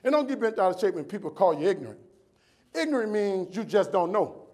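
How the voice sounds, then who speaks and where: A man's voice: high voice, sing-song, a little fast, darkish tone. A man giving a motivational keynote speech on a conference stage, telling stories, repeating phrases for emphasis and acting out the people in them. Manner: dramatic, acts out the people in his stories. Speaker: motivational speaker. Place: conference stage before a live audience.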